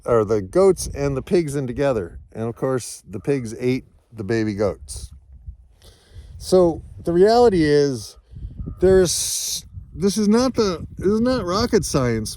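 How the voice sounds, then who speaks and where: A man's voice: on the high side, warm tone, dry recording. A man, a sheep farmer, talking in a rambling, reflective vlog monologue outdoors on a snowy farm, now and then calling to his dogs.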